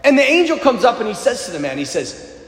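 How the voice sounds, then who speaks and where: A man preaching a sermon in an animated, conversational way, talking directly to his listeners. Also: very high-pitched, fast, slight background noise. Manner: animated, conversational, addresses crowd as you guys. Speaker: pastor. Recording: echoey hall reverb.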